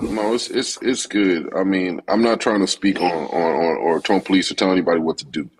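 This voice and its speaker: A man panelist on a live stream, speaking haltingly with many restarts. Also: deep voice, a crowd in the background, low-quality recording.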